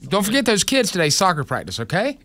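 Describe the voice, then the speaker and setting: Teasing morning radio host. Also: male voice, sits high, huge pitch swings, a bit bright. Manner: joking, teasing, quick to jab. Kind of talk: casual radio banter.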